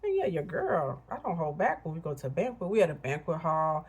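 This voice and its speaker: A woman in her fifties from Illinois delivers a candid, blunt motivational vlog talk, throwing in chatty asides to viewers. Her voice is low and slightly rough, with big pitch swings and a slightly fast pace.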